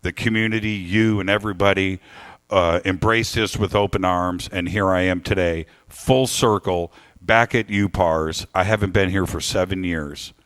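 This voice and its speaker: A man speaking live to an audience, telling a story with lively emphasis and thanking people. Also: deep voice, normal speed. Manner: animated storytelling, warm thanks. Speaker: radio host giving a talk. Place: lecture hall with audience.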